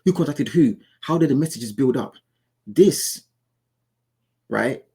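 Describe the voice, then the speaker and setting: A man's voice: mid-range voice, animated, slow, warm tone, husky. A man giving casual, insistent reaction commentary, often repeating and restarting his words as he argues his point. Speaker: commentary YouTuber.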